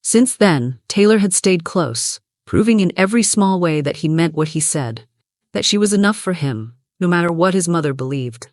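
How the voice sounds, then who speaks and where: A narrator reading a romance story in an even, steady way. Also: mid-range voice, moderate pace, dry recording, studio quality.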